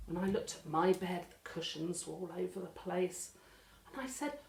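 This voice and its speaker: A woman with an English accent telling a children's story as a library storyteller, animated and full of dramatic gasps. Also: fairly low pitch, normal speed. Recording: echoey room.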